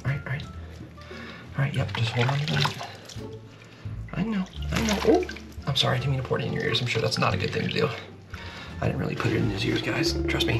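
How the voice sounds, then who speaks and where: Man cooing softly to a kitten. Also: medium pitch, expressive, quick pace, vocal fry, pauses often, over music. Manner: soft baby talk to a kitten, often hushed. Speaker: fishing vlogger. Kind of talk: casual vlog talk. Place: indoors at home, bathing a kitten in a tub.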